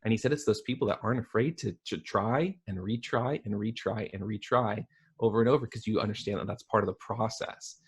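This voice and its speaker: A man's voice: fairly low pitch, brisk, husky. A man guesting on a podcast, talking casually and earnestly, building his points through repetition. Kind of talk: casual conversational chat.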